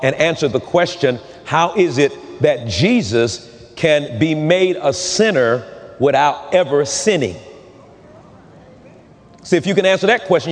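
Fervent male preacher in a reverberant church. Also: on the high side. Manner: fervent preaching, swings between rapid talk and drawn-out shouted phrases. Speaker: pastor. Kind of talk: sermon. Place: church sanctuary. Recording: long hall reverb.

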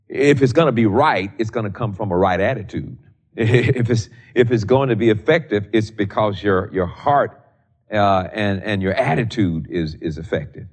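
Low-voiced older man preaching, lo-fi sound. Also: darkish tone. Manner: repeats key lines slowly for emphasis, many restarts; reads scripture in old-fashioned wording. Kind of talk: sermon teaching on prayer. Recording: dull lo-fi recording.

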